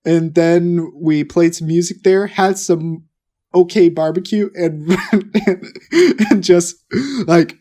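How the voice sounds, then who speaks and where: A man co-hosting a podcast, telling stories in a rambling, excitable way. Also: high voice, takes it slowly. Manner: rambling, excitable storytelling with restarts. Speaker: podcast co-host. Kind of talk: casual chat.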